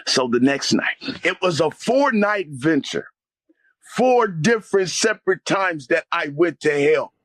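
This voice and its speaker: A man telling an intense personal testimony as an interview guest, speaking emphatically and rising to near-shouts at dramatic moments. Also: fairly high pitch, expressive, unhurried, no echo.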